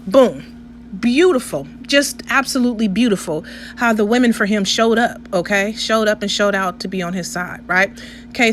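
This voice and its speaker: A woman's voice: on the high side, a bit bright, a little hiss or hum. A woman vlogger doing a casual storytelling voiceover, chatty and often checking in with her listeners. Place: indoors, recorded separately from the restaurant footage.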